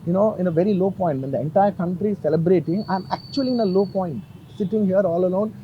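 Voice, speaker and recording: A man's voice: high voice, fast, muffled recording, a little hiss or hum. A man making an earnest, emotional statement at a press conference, repeating himself often. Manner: earnest, emotional, insistent with many repetitions. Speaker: film actor at a press conference.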